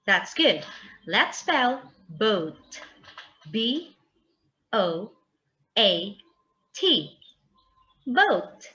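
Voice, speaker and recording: A woman teacher talks to young children at a very slow, deliberate pace, stretching out each word and spelling it letter by letter. Her bright voice moves through a lively range of pitch. The audio is a little dull and lo-fi. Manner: slow, drawn-out spelling aloud for kids. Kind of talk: children's vocabulary lesson.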